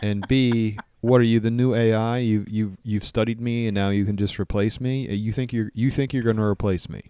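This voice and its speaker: A man co-hosting a casual podcast, talking in a dry, deadpan, teasing way into a studio microphone. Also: fairly low pitch, brisk, few pauses, smooth, dry recording. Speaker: podcast co-host. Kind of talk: casual banter.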